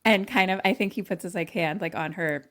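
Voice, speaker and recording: A woman's voice: lowish voice, fairly quick, a bit bright. Chatty woman recapping a movie. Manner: chatty, filler-heavy retelling with acted-out quotes. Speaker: podcast co-host. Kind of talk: casual chat recapping a movie.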